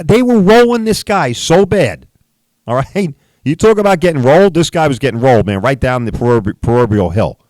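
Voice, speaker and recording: A middle-aged man with a mid-range voice and darkish tone hosts a podcast and runs a body shop. He tells a story as a profane, emphatic rant, often asking "right?", with no room sound.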